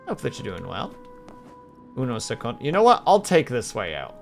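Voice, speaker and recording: A man's voice: mid-range voice, wildly swooping pitch, moderate pace, gravelly, faint music behind. A man streaming a game, chatting casually with his viewers while he plays and hopping between the game and replies to chat.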